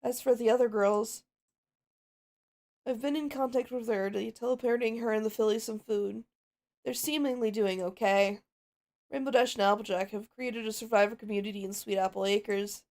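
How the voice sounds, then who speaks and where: A bookish young mare pony, scared and worn down, talking through her fears like a diary entry, as a woman puts her on. Her voice sits slightly high and close to the performer's own. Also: steady tone, moderate pace, darkish tone, close to an everyday voice. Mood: anxious. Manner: worried, diary-style narration. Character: anxious, studious young mare pony leader. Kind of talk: Roblox game role-play voicing.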